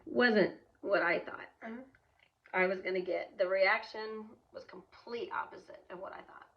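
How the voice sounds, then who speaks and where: A woman's voice: medium pitch, measured pace, gravelly, lo-fi sound. A woman in her thirties casually telling a personal story, chatty, with frequent fillers, restarts and laughs. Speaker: vlogger, single mom.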